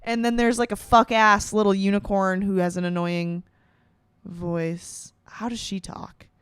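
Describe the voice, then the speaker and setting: A woman's voice: mid-range voice, little pitch movement, measured pace, clear, resonant tone, dry recording. A woman in her twenties, talking in a playful, rambling, swearing comedic monologue. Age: 20s. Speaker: vlogger.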